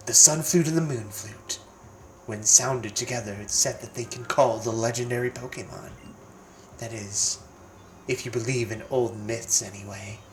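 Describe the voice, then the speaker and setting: A streamer voicing a brooding, gruff teenage boy from a role-playing game, in a low, muttered delivery. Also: a little hiss or hum, close to an everyday voice. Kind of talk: reading game dialogue aloud on stream. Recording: roomy sound with faint game music.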